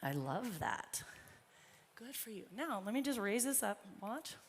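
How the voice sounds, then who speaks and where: A woman horse trainer gives a live demonstration in a large indoor arena, chatting encouragingly to her colt and the crowd. Her voice is on the high side, with big pitch swings and a measured pace. The arena reverberates, with faint noise.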